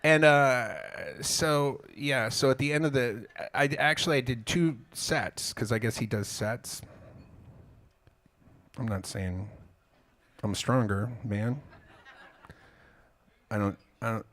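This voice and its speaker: Between songs at a small club, a singer-songwriter tells the crowd a meandering story that pokes fun at himself, with some casual cursing. His medium-pitched voice has a fairly bright tone, and he speaks slowly, pausing often.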